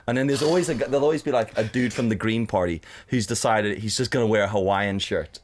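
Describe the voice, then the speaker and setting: A young man co-hosting a casual podcast chat, animated and sweary. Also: fairly low pitch, fast talker, slight background noise. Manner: animated, sweary, bursts into mock shouting. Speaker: podcast co-host.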